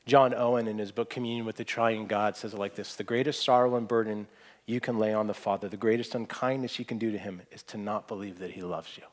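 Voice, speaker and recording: Earnest preacher swinging loud to hushed. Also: male voice, lowish voice, fairly even intonation, fast. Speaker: pastor. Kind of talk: sermon.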